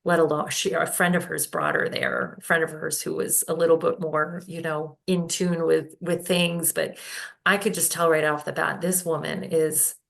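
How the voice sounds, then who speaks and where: A woman holistic healing practitioner, telling stories in a casual podcast conversation, unhurried and halting with many fillers. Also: low-pitched, little pitch movement, vocal fry.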